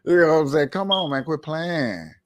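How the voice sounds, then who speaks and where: Guy ranting on a stream, slightly high voice, keeps asking rhetorical questions, lots of slang. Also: lively intonation, normal speed. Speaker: livestream commentator. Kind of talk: casual ranting commentary.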